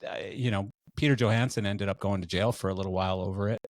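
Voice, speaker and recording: A man's voice: on the low side, steady tone, quick pace, no echo. A Canadian man hosting a podcast interview, telling long stories in a casual, rambling way full of fillers and restarts. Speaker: podcast host.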